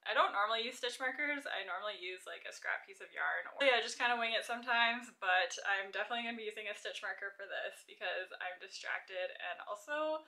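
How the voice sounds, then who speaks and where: Young woman, bright voice, chatty crafting vlog, self-deprecating, laughs a lot, mutters stitch counts. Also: mid-range voice, a little fast, vocal fry, hardly any pauses. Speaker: crochet vlogger. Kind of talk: casual chatty vlog while crocheting.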